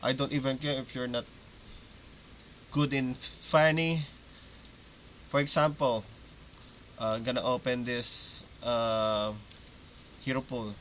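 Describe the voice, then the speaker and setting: A man's voice: mid-range voice, fairly even intonation, slow, pauses often, a bit bright, a little hiss or hum. A man, coaching an esports team in a meeting. He repeats key terms and keeps checking that his listeners follow.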